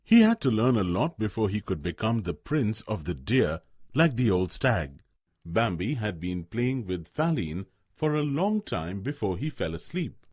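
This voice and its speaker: Slow, husky male storyteller. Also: lowish voice, no room sound, clean studio sound. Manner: expressive, slow. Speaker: narrator. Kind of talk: storybook narration.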